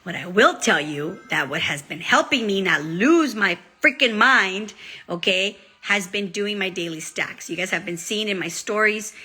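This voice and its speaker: Bright-voiced chatty woman vlogger. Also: medium pitch, moderate pace, husky. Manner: chatty, animated, acts out quotes. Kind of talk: casual chat to camera.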